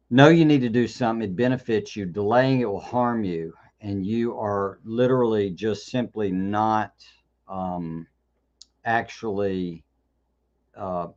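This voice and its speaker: A man's voice: lowish voice, darkish tone, highs cut off. A man hosting a live question-and-answer session, talking in a loose conversational way with frequent restarts and repeated words. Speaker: host. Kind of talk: live Q&A talk.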